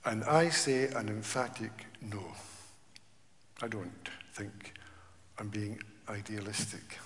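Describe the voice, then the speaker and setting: A man preaching a sermon in a church, asking rhetorical questions and swinging from hushed tones to loud declarations. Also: on the low side, takes it slowly. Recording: reverberant church hall.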